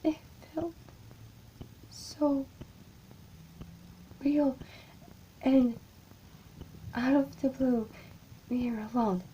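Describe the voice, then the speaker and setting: Woman, first-person horror narration, slow and halting, scared, whispery, mellow. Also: sits high, lo-fi sound, slight background noise. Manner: halting, frightened, often dropping to a whisper. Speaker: storyteller.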